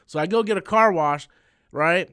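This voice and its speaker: Young guy rambling on a live stream, smooth clear voice, lots of ums and restarts. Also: high-pitched, moderate pace, fairly bright tone. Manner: rambling storytelling with many fillers and restarts. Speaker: comics channel host. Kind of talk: casual live-stream chat.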